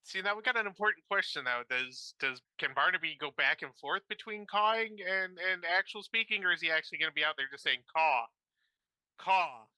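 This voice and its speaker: A man at a tabletop game trades jokes in character. His voice is very bright and slightly high. The sound is close and dry. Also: expressive, fast, few pauses, clear, resonant tone, no room sound, low-quality recording. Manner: joking banter in character. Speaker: player.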